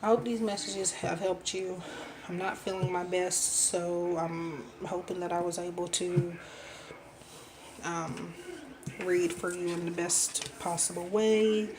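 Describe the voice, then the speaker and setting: Woman tarot reader, breathless and subdued, slow halting delivery, noisy home recording. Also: flat delivery. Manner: soft, low-voiced, halting with many ums. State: out of breath, unwell. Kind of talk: pick-a-card reading.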